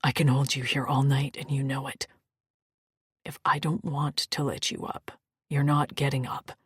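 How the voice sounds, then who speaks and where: A woman voicing a protective male alien warrior, speaking low, firm and soothing in an audiobook. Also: level tone, moderate pace, husky, no echo, clean studio sound, exaggerated voice.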